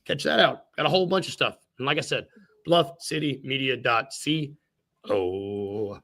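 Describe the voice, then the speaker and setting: A man's voice: mid-range voice, moderate pace, gravelly, a bit bright. A young man hosting a podcast in casual chat, rambling and joking at his own expense. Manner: jokey, rambling, laughs at himself. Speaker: podcast host.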